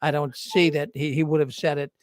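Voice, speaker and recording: A man's voice: on the high side, flat delivery, a little fast, no room sound, studio quality. A man hosting a call-in show, talking in a folksy way and often repeating his words. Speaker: host.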